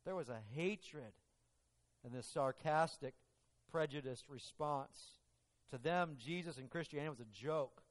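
A male preacher tells his sermon with dramatic, emphatic delivery. His voice sits a little high and he often restarts phrases. Long reverb from a large hall or church rings around him. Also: measured pace.

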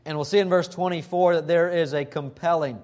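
A man's voice: a little high, fairly even intonation, a little fast, a little mellow. A man preaching a sermon emphatically, weaving in scripture quoted in old-fashioned wording.

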